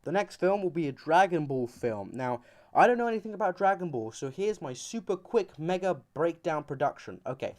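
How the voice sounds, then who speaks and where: A man's voice: on the high side, very animated, fairly quick. A man giving a comedic anime commentary, rambling and joking with goofy asides. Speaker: YouTuber.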